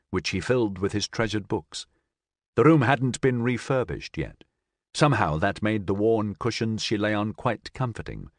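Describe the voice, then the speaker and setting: A man reading a science fiction audiobook in an expressive, dramatic narrating style. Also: fairly low pitch, dry recording, clean studio sound. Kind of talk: scripted narration.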